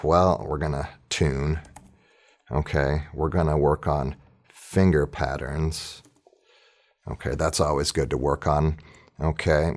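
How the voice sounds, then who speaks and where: A man teaching orchestra planning in a casual, chatty screen-recorded tutorial, thinking aloud as he works. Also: very deep voice.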